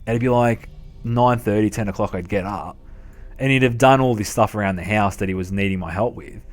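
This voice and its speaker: Profane, laughing Australian man, low voice. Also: fairly quick, faint music behind. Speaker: game streamer. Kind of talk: casual storytelling chat.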